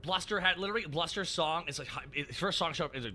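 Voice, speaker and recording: A man hosting a live stream, chatting casually in an animated, profane way. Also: a little high, fast, a little hiss or hum. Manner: animated, profane, laughing often. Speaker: streamer host.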